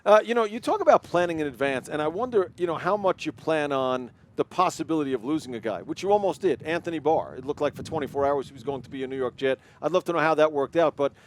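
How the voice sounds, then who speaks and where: Fast-talking, higher-voiced male radio host. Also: expressive, slight background noise. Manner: fast, joking, teasing. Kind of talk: radio interview.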